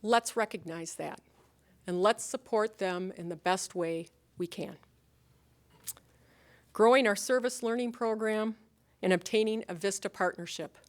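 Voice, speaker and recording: A middle-aged woman with an Upper Midwest American accent delivers a convocation address as a college president. She speaks earnestly and rallies her listeners, asking rhetorical questions and slipping in light humor. Her voice sits at an ordinary middle pitch. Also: measured pace, pauses often. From Upper Midwest of the United States.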